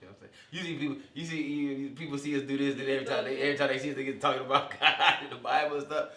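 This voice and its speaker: Fast-talking man off-mic in an echoey room. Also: medium pitch, steady tone, pushed and bright. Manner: fast, repeats words, slangy. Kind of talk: casual chat. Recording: echoey room, mic at a distance, faint hiss.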